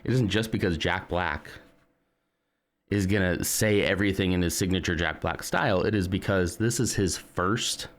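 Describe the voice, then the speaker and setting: Deep-voiced chatty male streamer. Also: moderate pace. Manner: rambling, chatty. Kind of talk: casual chat.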